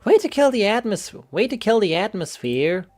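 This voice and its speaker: A man's voice: high voice, very animated, moderate pace, soft background music, pitched above the performer's own voice. A man voicing a sour, snappy teenage girl from a game, in a pushy, snippy manner.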